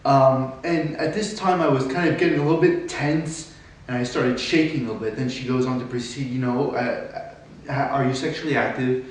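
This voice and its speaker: A young man, an acting student, tells a personal monologue, at times quiet, at times agitated and swearing. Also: medium pitch, fairly even intonation, moderate pace. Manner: emotional storytelling, swings from quiet to agitated. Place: classroom or studio. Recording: distant mic in very echoey room.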